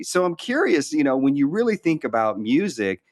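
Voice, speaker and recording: A man's voice: a little high, big pitch swings, moderate pace, dry recording, clean studio sound. A man hosting a conversational interview, asking earnest, rambling questions full of fillers and restarts. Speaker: podcast host.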